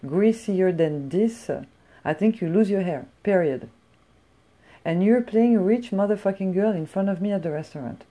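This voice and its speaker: A middle-aged woman from France telling a blunt, profane story in a casual, animated rant. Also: mid-range voice, normal speed. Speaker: vlogger.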